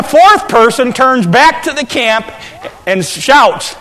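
A man preaching a sermon, telling a story with volunteers and shouting out the characters' calls. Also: very high voice, very animated, slow pace. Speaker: pastor. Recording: long hall reverb.

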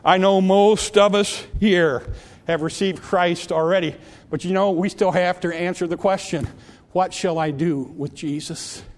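A man preaching a sermon in a church, earnestly repeating questions to the congregation before leading a prayer. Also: fairly high pitch. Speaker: pastor. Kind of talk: sermon with altar call and prayer. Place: church sanctuary.

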